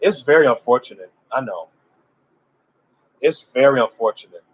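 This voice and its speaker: Speaking at medium pitch with an expressive, husky delivery and moderate pace, a man offers informal religious instruction on a low-quality recording. He pushes his listeners with rhetorical questions, talking emphatically and loosely, frequently starting over.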